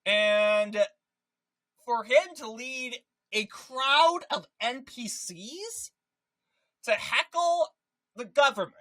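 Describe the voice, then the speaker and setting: Political ranter, bright voice, super emphatic, keeps hammering the same point. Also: mid-range voice, drawn-out words, long pauses, rough recording. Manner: animated, emphatic, repeats points. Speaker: political commentator. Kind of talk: ranting political commentary.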